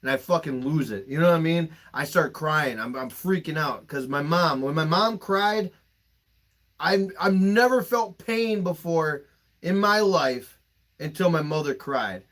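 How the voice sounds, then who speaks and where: Emotional young man, slightly high voice. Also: animated, measured pace, fairly bright tone. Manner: emotional, emphatic, swears freely. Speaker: podcast host. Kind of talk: candid podcast storytelling.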